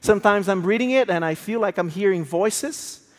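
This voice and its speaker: A man preaching a sermon as a story, swinging between hushed, slow lines and raised, emotional ones. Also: sits high. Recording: long hall reverb.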